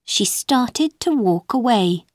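Slow, expressive woman reading a story. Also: fairly high pitch, no echo, clean studio sound. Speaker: narrator.

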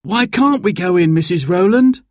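A man's voice: sits high, lively intonation, moderate pace, dry recording, studio quality, voice pushed up. A man voicing a curious, eager young boy in a storybook reading.

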